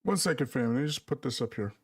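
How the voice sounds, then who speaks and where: A man's voice: mid-range voice, lively intonation, rapid-fire, breathy edge, distant mic. A man giving casual political commentary to his viewers, talking in a sarcastic, mocking, conversational way.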